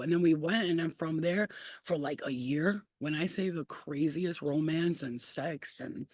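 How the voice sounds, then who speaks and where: A woman in her thirties hosting a livestream tells candid stories to her live chat in a lowish, darkish voice, talking a little fast. She's blunt and profane, laughing often, and the sound is close and dry with no echo.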